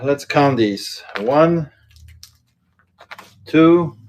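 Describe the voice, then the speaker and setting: Man, live-stream seller, unhurried drawl, casual chatty delivery, indoor shop. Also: a little high, lively intonation, a little mellow, a little hiss or hum. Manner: chatty, unhurried, thinks aloud. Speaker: live sale host.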